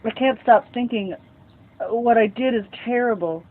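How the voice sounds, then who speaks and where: A man's voice: very high voice, moderate pace, voice pushed up. A man voicing a frail, confused old woman in a nursing home bed, who turns crude and snapping. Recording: tinny phone-like sound.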